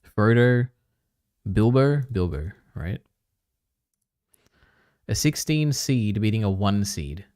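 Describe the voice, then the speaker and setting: A man's voice: fairly low pitch, expressive, slow pace, pauses often, darkish tone, no echo, clean studio sound. A man streaming casually, reading on-screen text aloud, trailing off and muttering to himself. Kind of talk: casual live-stream commentary.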